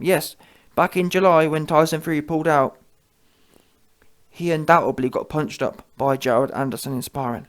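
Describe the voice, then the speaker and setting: Brash man talking boxing. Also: fairly high pitch. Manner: brash, slangy, keeps asking "yeah?". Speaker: boxing commentator. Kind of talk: opinionated boxing commentary.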